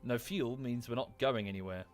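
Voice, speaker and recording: A man's voice: mid-range voice, normal speed, soft background music. Chatty Estuary English man streaming a game. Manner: chatty, thanks viewers by name, thinks aloud with restarts. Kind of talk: casual gameplay commentary.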